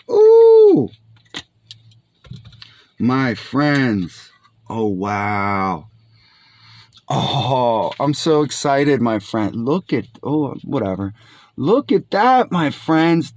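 A young man hosting a casual food review vlog, enthusiastic and exclaiming as he tastes, often calling out to his friends. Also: on the high side. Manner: enthusiastic, keeps saying "my friends"; exclaims while tasting.

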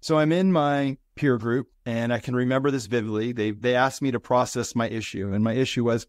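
A man's voice: mid-range voice, fairly even intonation, brisk, few pauses, dry recording, clean studio sound. Earnest middle-aged man telling a story. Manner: earnest, reflective, speaks in short building phrases. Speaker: business consultant and guest. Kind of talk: conversational interview storytelling.

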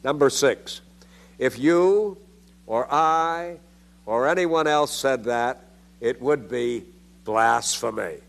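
Older guy preaching a theology class, middle pitched, gets loud and high on the big points. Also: takes it slowly, gravelly. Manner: emphatic, with rhetorical questions and sudden rises in pitch. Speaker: theology lecturer.

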